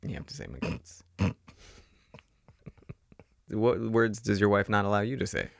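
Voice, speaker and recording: Man, low gravelly voice, wry playful podcast banter, dry sound. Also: fairly even intonation, a little slow, dry recording. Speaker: podcast co-host.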